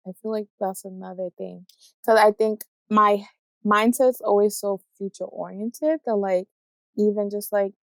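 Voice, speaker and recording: Hesitant young woman with a gravelly edge. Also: medium pitch, dry recording. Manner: hesitant, thinking aloud, full of "like" fillers. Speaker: guest, graduate student. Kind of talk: casual conversation.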